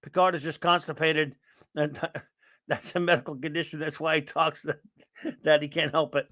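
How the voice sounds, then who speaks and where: A man's voice: on the high side, little pitch movement, normal speed, bright, forceful tone, no room sound. A man hosting a casual live stream, rambling and sarcastic as he greets viewers and rants. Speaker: host of a live stream chat.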